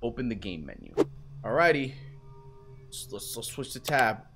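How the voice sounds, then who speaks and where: A young man doing playful let's play commentary, joking loudly, dropping to whispers and jumping to yelps. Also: mid-range voice, big pitch swings, moderate pace, creaky, music in the background. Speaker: gaming YouTuber. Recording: noisy background, mouse clicks.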